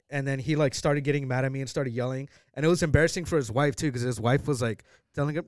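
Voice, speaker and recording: A man telling a story as a podcast guest, in a casual, slangy, animated way. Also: medium pitch, quick pace, no room sound, studio quality.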